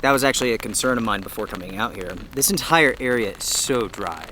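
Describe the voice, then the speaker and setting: A man's voice: medium pitch, fast talker, low-quality recording. A man talking to his viewers in a casual outdoor vlog, out of breath, sheltering under a tarp in a forest. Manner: chatty, upbeat, addresses viewers directly. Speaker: outdoor vlogger. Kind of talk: casual camping vlog to camera. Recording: loud rain noise outdoors. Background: heavy rain.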